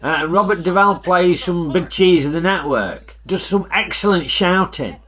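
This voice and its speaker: A man's voice: sits high, lively intonation, a little slow, a bit bright. A middle-aged man with a Northern English accent giving blunt, grumbling film reviews in a comic character vlog.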